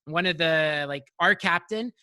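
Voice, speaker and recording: A man's voice: fairly high pitch, unhurried, pushed and bright, clean tone, no echo. A man from Montreal hosting a podcast, telling stories in a rambling, casual way full of "like" and "you know". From Montreal, Canada. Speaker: podcast host. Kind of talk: casual chat, storytelling.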